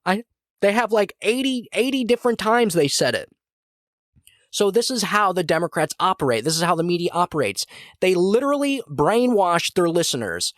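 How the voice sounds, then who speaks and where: A man's voice: on the high side, no room sound, studio quality. A man hosting a podcast, delivering a heated, repetitive political commentary monologue. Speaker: podcast host.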